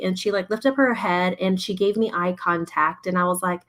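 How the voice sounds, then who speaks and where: In a casual live talk to her audience, a woman in her thirties who is a registered play therapist and parenting host speaks animatedly and laughs often. Her mid-range voice holds a steady tone, a little fast and a bit bright, with hardly any pauses.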